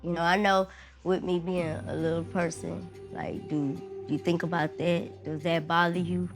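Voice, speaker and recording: A woman with a somewhat low voice, talking earnestly and probing with serious questions. Faint music plays beneath her. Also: steady tone, moderate pace. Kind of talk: reality show talk and confessional.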